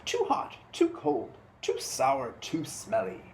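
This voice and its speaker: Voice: medium pitch, wildly swooping pitch, slow pace, slight background noise. Brief: cranky picture-book king, fussy and complaining, voice swooping up and down , read by a storyteller. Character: fussy hungry grumpy king. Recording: roomy echo.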